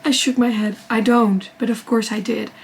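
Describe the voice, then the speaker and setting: Higher-voiced woman reading a novel aloud. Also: normal speed, a little hiss or hum, rough recording. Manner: reads in a steady first-person narration, bursting into excited reactions. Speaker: book vlogger.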